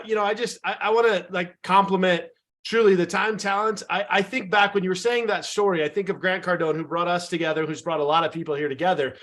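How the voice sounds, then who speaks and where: Man with a high voice, casual co-host on a video call, friendly storyteller. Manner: relaxed and friendly, halting restarts, storytelling. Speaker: webinar co-host, business owner.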